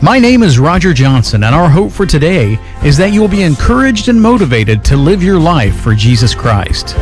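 A man giving a scripted, measured introduction for a radio ministry program. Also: on the high side, very animated, faint music behind.

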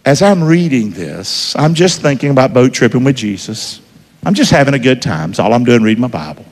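A man preaching a sermon in a church, folksy, quizzing the congregation and swinging between loud and hushed. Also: mid-range voice, sing-song, brisk, husky. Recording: reverberant church hall.

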